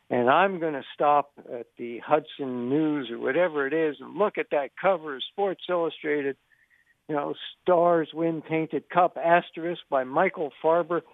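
Older guy spinning a sports story down a tinny phone line, gravelly voice, acts out all the quotes. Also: medium pitch, dry recording. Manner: animated anecdotal storyteller, acts out quoted dialogue. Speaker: sports journalist guest. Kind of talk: radio interview storytelling.

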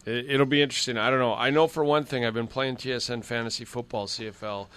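Bright-voiced chatty sports radio host. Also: male voice, medium pitch, quick pace, clear, resonant tone. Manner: chatty, storytelling with animated voice impressions.

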